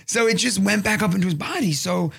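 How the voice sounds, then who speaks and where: A man's voice: sits high, quick pace, gravelly, a bit bright. A man in his thirties casually telling rambling, profane comedic stories, slipping into voices for the people in them. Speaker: guest telling a story.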